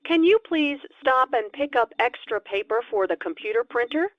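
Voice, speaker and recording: A woman's voice: fairly high pitch, expressive, normal speed, no echo, natural voice. A woman voicing a busy office worker who makes practical requests over a bad phone line in a scripted lesson dialogue. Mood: businesslike. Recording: muffled phone-line sound.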